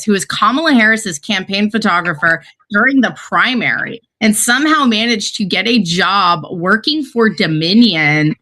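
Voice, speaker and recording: A woman's voice: medium pitch, sharp tone. A woman guest in a casual interview, talking conversationally with frequent filler words.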